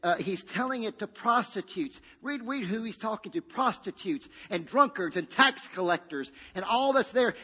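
Preacher, bright, in a big hall. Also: male voice, sits high. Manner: dynamic preacher with sudden shouts and hushed drops, call-and-response. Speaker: pastor. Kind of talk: sermon. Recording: long reverb of a large hall.

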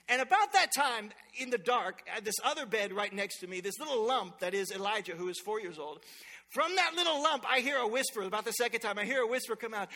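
A pastor with a very high, bright, forceful voice delivers a sermon, moving from lively family stories to scripture with playful call-outs to the congregation. He is a man in his thirties. His voice rings with the long reverb of a large church sanctuary. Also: fast.

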